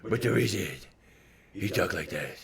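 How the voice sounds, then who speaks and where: Gravelly low-voiced man in loose podcast banter. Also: animated, moderate pace, a bit bright. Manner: rambling, laughing, restarts, trying impressions. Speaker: podcast co-host. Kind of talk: casual chat.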